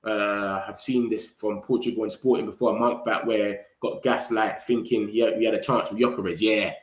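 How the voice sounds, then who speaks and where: A man hosting a fan live stream, reading comments in slangy, animated chat. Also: fairly low pitch, moderate pace, roomy sound. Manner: slangy, animated, hypes viewers. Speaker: fan channel host.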